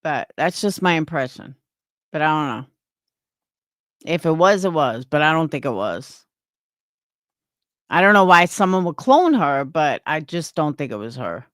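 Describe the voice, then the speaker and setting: A woman's voice: sits low, very animated, unhurried, pauses often, no echo, clean studio sound. A woman live streamer chatting casually with her viewers, opinionated and rambling, restarting her sentences.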